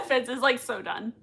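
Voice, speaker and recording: Bright-voiced, gushing woman reacting live. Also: high voice, vocal fry. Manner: gushing and excitable, laughs often. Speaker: livestream reaction host. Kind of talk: live watch-party reaction, reading chat.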